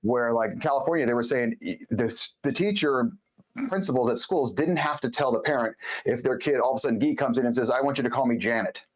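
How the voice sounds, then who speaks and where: A man as a podcast guest, speaking bluntly and emphatically in casual conversation, telling stories with quick asides. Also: mid-range voice.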